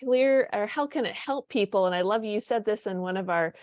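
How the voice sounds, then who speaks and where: A woman's voice: medium pitch, brisk, a little mellow, no room sound. Woman, podcast host, casual and rambling, dry closely miked voice. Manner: chatty, rambling, frequent restarts and "like". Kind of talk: casual conversational interview.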